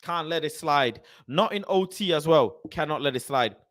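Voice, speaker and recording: A man's voice: fairly high pitch, moderate pace, no room sound, studio quality. A young man hosting a football fan live stream, reading out viewers' comments in slangy, repetitive, swearing-laced chat. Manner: animated, swears freely, repeats phrases, London slang. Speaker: fan channel host.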